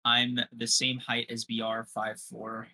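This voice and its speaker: This young man's voice is medium-pitched, monotone, bright, and forceful, and he keeps a measured pace. As a podcast co-host in casual livestream chat, he banters with viewers, trash-talking brashly and profanely.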